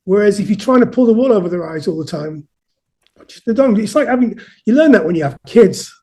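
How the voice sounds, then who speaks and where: A man's voice: high-pitched, animated, a little fast, dark tone, slightly rough. A man in his fifties, a musician being interviewed, talking earnestly and reflectively and often repeating words as he starts a sentence. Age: 50s. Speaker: guest musician. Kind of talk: casual conversational interview.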